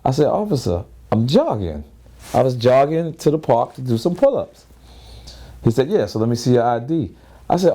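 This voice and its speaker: A man talks loosely through an interview story. He curses freely and acts out every character in it. His pitch leaps high for the punchlines and falls low for the serious points. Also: moderate pace. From Queens, New York. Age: 30s. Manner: animated, profane, acts out both sides of his stories. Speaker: rapper and interview guest.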